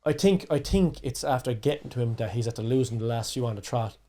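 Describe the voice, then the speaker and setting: A young man co-hosting a podcast, chatting casually and eagerly jumping in with his opinions. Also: mid-range voice. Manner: animated, quick to jump in with opinions. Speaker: podcast co-host. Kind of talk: casual chat.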